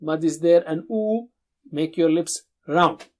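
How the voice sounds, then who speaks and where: A man teaching Quran recitation in English, speaking patiently and drawing out words slowly for learners to repeat, with chanted recitation of verses. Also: on the high side, a little mellow. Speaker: tajweed teacher.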